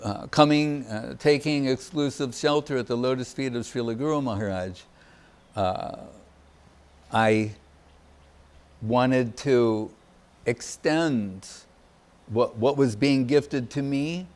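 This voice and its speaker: Older man in halting devotional talk. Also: mid-range voice. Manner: halting, searching for words, many pauses. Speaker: spiritual teacher.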